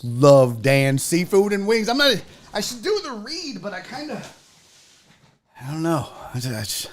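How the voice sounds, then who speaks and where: A man hosting a casual sports livestream, excitable, emotional and quick to swear. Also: sits high. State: out of breath. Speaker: sports show host.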